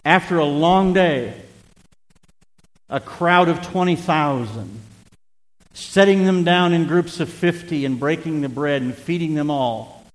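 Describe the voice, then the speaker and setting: A man's voice: on the high side, unhurried, in a large hall. A male pastor preaching a conversational sermon to his congregation, mixing Bible reading with self-deprecating asides. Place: church sanctuary.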